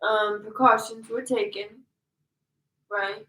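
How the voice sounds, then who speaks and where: A woman's voice: mid-range voice, fairly even intonation, slow, a bit bright, far from the mic. A woman co-hosting a casual chat, telling stories and laughing through her words. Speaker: podcast co-host. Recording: echoey room, a bit off-mic.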